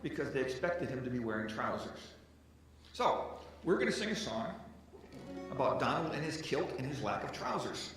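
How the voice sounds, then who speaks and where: A very animated man with a medium-pitched voice, speaking at normal speed, recorded by a distant mic in an echoey hall. He's a folk musician at a live concert on an arts center stage, telling stories between songs and joking with the crowd as guitar music plays.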